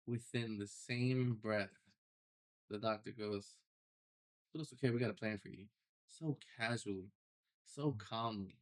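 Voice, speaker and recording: A young man, a podcast guest, telling his personal story in a casual, animated way with loose slang. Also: lowish voice. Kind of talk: storytelling interview.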